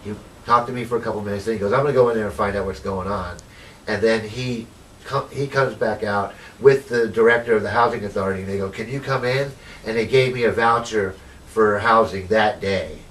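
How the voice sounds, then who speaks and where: A lowish, slightly bright male voice talks fairly quickly in a documentary interview. The speaker, an activist, tells his story in a rambling, casual way, peppered with "you know," and acts out what people said to him, recorded on a distant mic with faint ambient noise.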